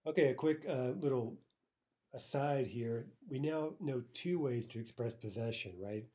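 A man teaching a casual spoken language lesson. He explains in a relaxed way, often checks in with "right?", and slows down to say example phrases. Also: medium pitch. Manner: slows down to pronounce Russian examples.

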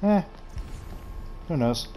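A man's voice: extremely slow, warm tone, faint music behind. A man casually commenting on his gameplay, joking, swearing and talking to himself. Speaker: gameplay streamer.

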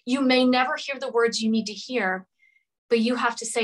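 A woman's voice: fairly high pitch, moderate pace, a bit bright, rough recording. A woman from Rhode Island, a podcast guest, earnestly telling a personal story of forgiveness. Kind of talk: emotional personal story in interview.

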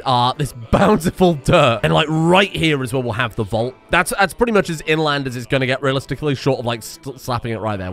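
A man giving excitable, sweary let's play commentary and yelling at the game. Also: medium pitch. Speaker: game streamer.

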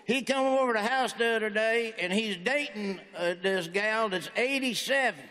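A man's voice: high voice, normal speed, bright, forceful tone. A man in his forties doing a stand-up comedy routine with folksy, punchy joke delivery in a large auditorium. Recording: echoey hall with faint noise.

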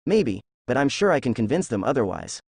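A man's voice: mid-range voice, big pitch swings, brisk, gravelly, darkish tone, breathy edge, no echo, studio quality, exaggerated voice. A man voicing a playful, optimistic young male ninja in a read-aloud story. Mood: upbeat. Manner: playful, upbeat.

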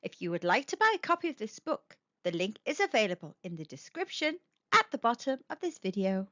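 A woman reading a picture book aloud to young children, gentle, sing-song and expressive. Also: mid-range voice, a little fast, no echo. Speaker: children's storytime reader. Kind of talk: slow expressive read-aloud for young kids. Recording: dull lo-fi dry recording.

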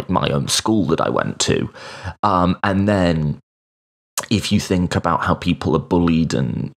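Gravelly, very animated man. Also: sits low. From United Kingdom. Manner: reflective, personal storytelling with hesitations. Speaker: podcast host. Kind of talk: solo podcast monologue.

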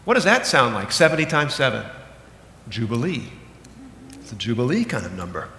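A man in his thirties, a pastor preaching a sermon, animated and emphatic, dropping low and slow for key points. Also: a little hiss or hum. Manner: animated, swings between loud emphatic bursts and low slow asides. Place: church sanctuary. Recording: echoey hall with long reverb.

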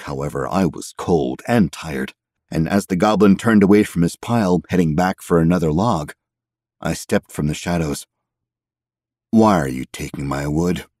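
A man reading a story aloud in the first person, measured and steady. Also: sits low, breathy edge, no room sound, studio quality. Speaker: audiobook narrator. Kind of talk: scripted story narration.

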